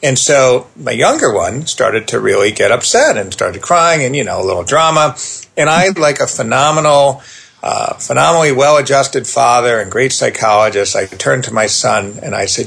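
A middle-aged man, a parenting therapist, telling a personal story in a lively conversational way. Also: mid-range voice, gravelly, husky. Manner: animated storyteller, quick asides. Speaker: therapist and parenting author, guest.

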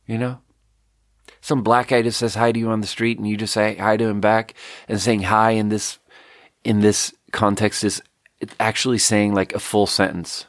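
A man's voice: fairly low pitch, little pitch movement, normal speed, no echo, studio quality. A man from Sweden, telling a rambling story in a casual solo monologue full of "like". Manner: casual, meandering, lots of "like".

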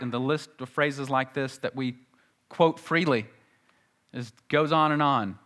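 A man preaching a sermon as pastor, teaching earnestly and slowing down to recite scripture. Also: mid-range voice, fairly bright tone.

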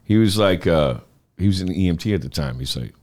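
A man's voice: deep voice, brisk. Guy on a podcast telling a wild story, voice jumping all over, cursing and laughing. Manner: animated, swearing, laughs while telling stories. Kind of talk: casual storytelling chat.

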